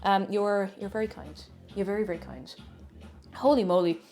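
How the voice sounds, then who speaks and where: A woman's voice: medium pitch, normal speed, darkish tone, a little hiss or hum. A woman chatting casually to viewers while cooking on a livestream, greeting them and laughing at herself. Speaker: streamer.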